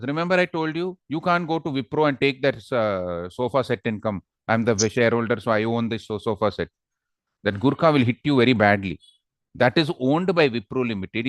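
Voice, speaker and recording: A man's voice: medium pitch, dry recording, studio quality. A man with an Indian English accent teaching an online law class, quizzing students and teasing them.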